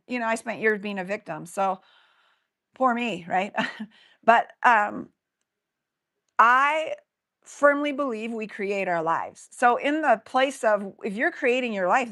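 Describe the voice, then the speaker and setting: A woman's voice: mid-range voice, a bit bright. A middle-aged woman, a life coach, talking earnestly and reflectively as a guest in a casual interview.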